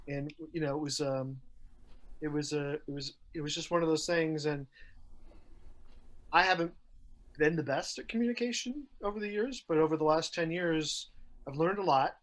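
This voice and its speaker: A man's voice: fairly high pitch, fairly bright tone. A man co-hosting a podcast, telling stories in a chatty way with many fillers. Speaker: podcast co-host. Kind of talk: casual chat.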